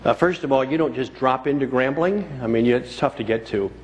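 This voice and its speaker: In a conference hall packed with a live audience, a man gives an inspiring keynote built on stories and repeated key lines for emphasis. His voice is medium in pitch and brisk, and there's a little hiss or hum in the audio.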